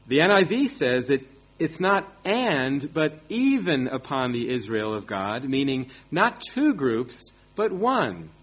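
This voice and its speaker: A man's voice: mid-range voice, very animated, slow pace, husky. A man preaching a sermon, teaching emphatically with rhetorical questions and self-deprecating asides.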